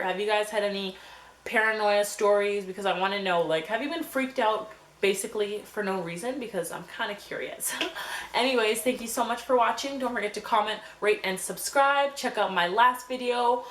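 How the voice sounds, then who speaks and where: A young woman telling a story on her vlog in a scattered, animated way, filled with fillers and acted-out quotes. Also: medium pitch. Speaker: vlogger. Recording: echoey room with faint hum.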